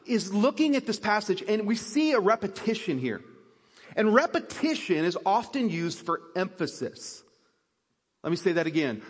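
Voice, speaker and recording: A male pastor preaching a sermon, reading scripture aloud and then explaining it in a loose, self-correcting way. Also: high voice. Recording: long reverb of a large hall.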